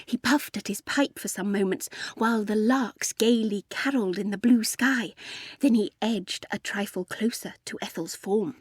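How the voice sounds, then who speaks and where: A woman narrating a storybook in an even, gently amused storytelling manner. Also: medium pitch, normal speed, breathy edge, no room sound, studio quality. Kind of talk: storybook reading.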